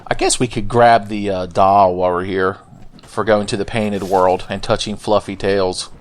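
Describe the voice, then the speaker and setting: A man's voice: on the low side, fairly even intonation, normal speed. A man giving let's play commentary in a jokey, profane, rambling way. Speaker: gameplay commentator.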